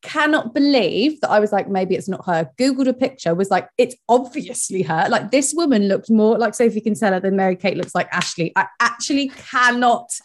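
A woman's voice: fairly high pitch, fairly quick, few pauses. A woman co-hosting a book podcast, gushing and laughing in casual chat. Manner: excitable, gushing, laughs often. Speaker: podcast co-host.

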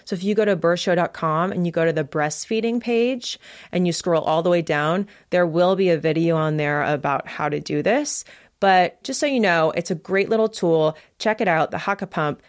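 A woman's voice: lowish voice, normal speed. A woman hosting a podcast, giving upbeat, chatty advice and asking her guest questions. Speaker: podcast host. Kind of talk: casual podcast chat.

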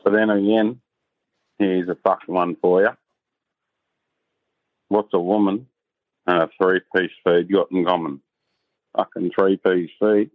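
An Australian man, gruff and sweary, telling a crude joke as a caller. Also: low-pitched, level tone, unhurried, pauses often, no room sound. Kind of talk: joke told on a voicemail. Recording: tinny dry phone line.

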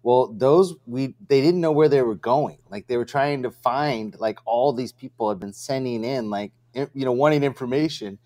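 A man's voice: medium pitch, normal speed, hardly any pauses. A man co-hosting a business livestream, telling stories casually with lots of fillers and acted-out quotes. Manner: animated storyteller, acts out quoted voices, many fillers. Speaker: co-host of a vending business livestream. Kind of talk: casual storytelling chat.

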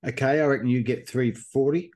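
A man's voice: medium pitch, steady tone, a little fast, a little mellow. A man hosting a running podcast, telling stories loosely with lots of fillers. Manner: rambling storyteller with many fillers. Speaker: podcast host. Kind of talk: casual chat.

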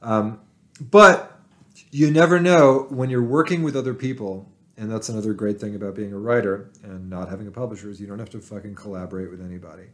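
Guy w a low nerdy voice, cussing a lot, rambling and putting himself down. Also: fairly quick. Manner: profane, rambling, self-deprecating. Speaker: podcast guest, writer. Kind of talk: casual chat.

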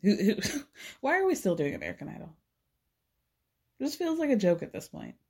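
A woman's voice: medium pitch, big pitch swings, moderate pace, vocal fry, breathy edge. A woman hosting a podcast, recapping a show in a chatty, sarcastic way with frequent laughs. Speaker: podcast host. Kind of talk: casual recap chat.

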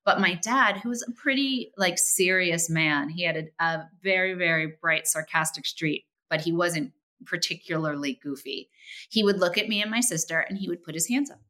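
Bright-voiced, animated woman guest. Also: lowish voice, moderate pace. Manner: animated, lively storytelling with acted-out quotes. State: tearful. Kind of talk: casual interview chat.

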